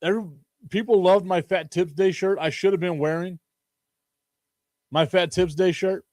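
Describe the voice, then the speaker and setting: A man hosts a casual sports talk stream, joking and rambling with lots of laughter. His voice sits a bit high for a man. The sound is dry and close, with no room echo. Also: steady tone, moderate pace, darkish tone. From Chicago. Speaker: sports talk show host.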